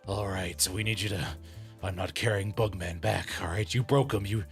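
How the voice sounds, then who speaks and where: A streamer putting on a fed-up male commander, gruff and a touch lower than his usual voice. He scolds like someone tired of cleaning up everyone's mess, with faint music behind. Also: normal speed. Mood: annoyed. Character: stern, exasperated male leader scolding his crew.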